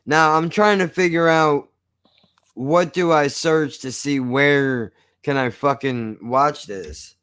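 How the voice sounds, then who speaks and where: An excitable man co-hosting a casual chat over a video call, calling his friend "dude" and "bro". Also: a little high, takes it slowly, clear, resonant tone, dry recording, studio quality. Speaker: podcast co-host.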